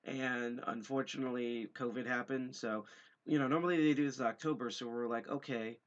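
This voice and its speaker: A man hosting a casual livestream with a mellow voice, rambling with many fillers and self-deprecating asides. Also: mid-range voice, steady tone, a little fast, clean tone. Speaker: livestream host and hacker group co-founder. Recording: dull lo-fi stream audio.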